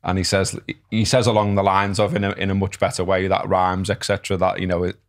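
Low-voiced, easygoing man. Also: level tone, fast talker. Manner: rambling and easygoing, swears casually. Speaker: podcast co-host. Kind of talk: casual podcast chat.

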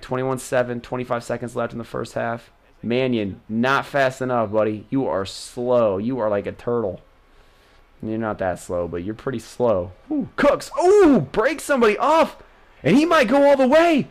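A man casually commentating on a football video game he is playing, joking and yelling at big plays. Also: mid-range voice. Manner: excitable, jokey, yells at big plays. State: losing his voice. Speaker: gaming channel host.

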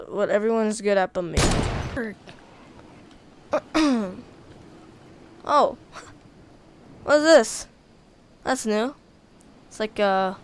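A woman giving casual, chatty commentary while playing a video game, easily excited by what she finds. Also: mid-range voice, a little hiss or hum. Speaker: gaming video creator.

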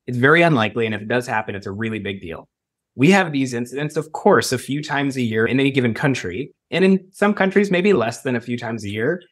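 A man from the United States answering interview questions as an emergency preparedness expert, measured with emphatic bursts. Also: medium pitch.

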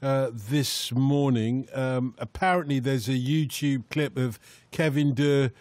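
A man's voice: medium pitch, fairly even intonation, slow pace, darkish tone, no room sound. A man hosting a radio phone-in, chatty and laughing easily as he talks over his guests. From grew up in Britain. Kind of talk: casual radio phone-in chat. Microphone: studio microphone.

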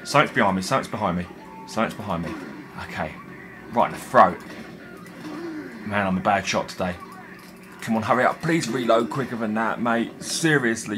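A young man commenting on a horror game he is playing, jumpy and excitable, swearing and talking to himself. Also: on the low side, slight background noise. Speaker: gaming video host. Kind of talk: let's play commentary.

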